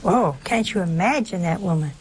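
A woman preaching a sermon in an animated way, with many rhetorical questions and little acted-out exchanges. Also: lowish voice, normal speed, a little hiss or hum.

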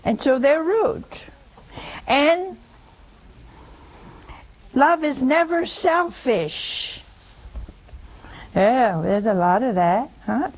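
A woman's voice: high-pitched, expressive, extremely slow, long pauses, rough recording. An older woman giving an informal, folksy sermon, teasing her listeners with questions. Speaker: religious teacher.

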